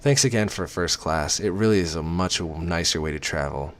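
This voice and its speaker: A man voicing a shy, nervous young woman in a read-aloud romance story, tentative and a touch raised in pitch above his own low voice. she speaks carefully, eager to please. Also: moderate pace, lightly acted.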